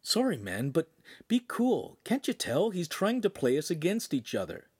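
A man's voice: a little high, huge pitch swings, normal speed, a little mellow, breathy edge, voice pushed up, heavily acted. A man voicing an offhand, easygoing teenage boy. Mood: laid-back. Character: laid-back cool teen boy apprentice.

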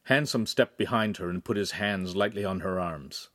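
Low-voiced man reading a novel aloud. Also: moderate pace, a bit bright, no room sound, studio quality. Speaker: audiobook reader. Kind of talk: scripted narration.

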